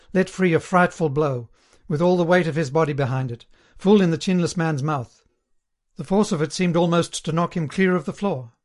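A man narrating an audiobook in a steady, measured way. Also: on the high side.

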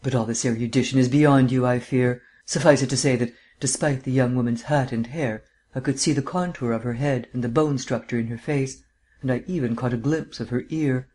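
A man's voice: medium pitch, steady tone, fairly quick, a little mellow, natural voice. Audiobook: male narrator as a languid, learned sleuth who lectures at length, mannered drawl. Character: languid erudite male amateur detective. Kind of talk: audiobook character reading.

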